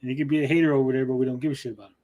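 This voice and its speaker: A man's voice: mid-range voice, flat delivery, racing, dark tone. Brief: male stream host, blunt and jokey, reads chat, swears casually. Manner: blunt, joking, swears freely. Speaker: show host reading chat.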